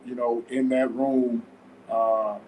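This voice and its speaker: Male podcast host from Florida, relaxed conversational delivery, mid-pitched voice, faint background hiss. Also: takes it slowly, low-quality recording. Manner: laid-back, frequent fillers like "man" and "you know". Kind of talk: casual podcast interview.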